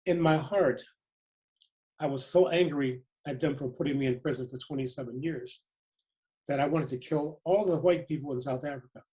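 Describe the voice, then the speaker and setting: A man in his seventies doing an impression of an elderly South African statesman, speaking in a gentle, fatherly, measured way. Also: fairly high pitch, lightly acted. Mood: earnest.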